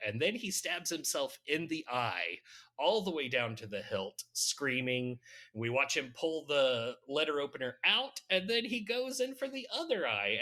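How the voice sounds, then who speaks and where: A man's voice: fairly high pitch, bright, forceful tone. A man co-hosting a podcast, casually recapping a film's plot with wry, laughing asides. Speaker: podcast co-host recapping a film. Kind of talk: casual chat.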